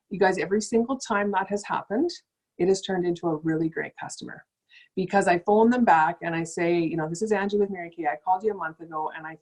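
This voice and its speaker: A middle-aged woman from Canada giving a casual motivational talk as a sales trainer, chatty and acting out customers in a higher voice. She sounds sick. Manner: chatty, acts out customer voices with big pitch jumps.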